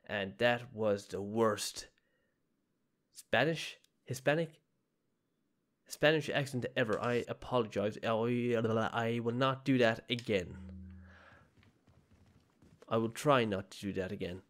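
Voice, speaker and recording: A man's voice: mid-range voice, takes it slowly, pauses often, fairly bright tone. A male gaming host talks through his horror game run from home. His commentary is casual and self-mocking, in a mid-range voice. The sound comes through a desk mic. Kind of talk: let's play commentary. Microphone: desk mic with webcam.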